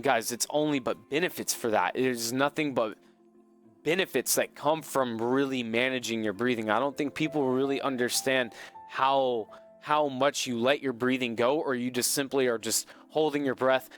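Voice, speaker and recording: A man's voice: mid-range voice, a bit bright. A man hosting a live trading stream, talking in an earnest, motivational way and often repeating himself. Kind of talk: casual live-stream talk.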